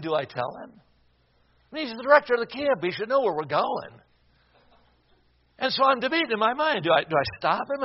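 A man preaching, telling a personal story with earnest feeling and letting his voice drop soft and low for the sad parts. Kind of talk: sermon storytelling. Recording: dull lo-fi recording.

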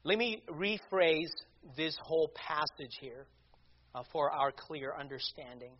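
A man preaching a sermon, deliberate and emphatic, asking rhetorical questions. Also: fairly high pitch, fairly even intonation. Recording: dull lo-fi recording.

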